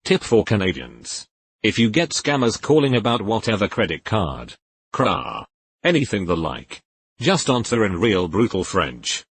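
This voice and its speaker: A man with a low, husky voice reads internet posts aloud, his pitch rising and falling freely as he works through each one. The sound is close and dry, with no room around it. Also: sing-song, a little slow, fairly bright tone, no room sound. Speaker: narrator reading Reddit posts.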